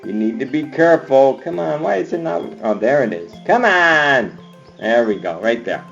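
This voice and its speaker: A man's voice: medium pitch, sing-song, normal speed, creaky, a bit bright, highs cut off, soft background music. A male Spanish teacher giving a screen-recorded grammar lesson, upbeat and chanting verb endings like a cheer. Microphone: computer mic on screencast.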